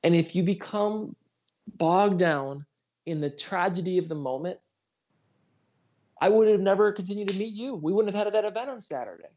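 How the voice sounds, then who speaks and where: A man's voice: sits high, moderate pace, long pauses, darkish tone, highs cut off. Earnest man telling a heartfelt story. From Western New York. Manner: earnest storytelling, apologetic, self-deprecating asides. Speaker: political candidate hosting a livestream. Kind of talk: casual livestream chat.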